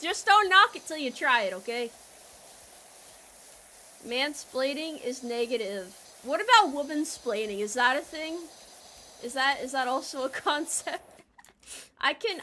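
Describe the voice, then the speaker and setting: A young woman with an American accent streaming a game, talking to her chat in a loud, playful, teasing way. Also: sits high, a little hiss or hum. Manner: playful, loud and teasing with chat, trailing into quiet mock apologies.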